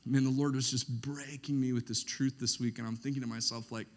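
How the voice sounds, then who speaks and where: A man preaching a sermon, who often pauses so that the congregation can finish his sentences. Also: mid-range voice, flat delivery. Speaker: pastor.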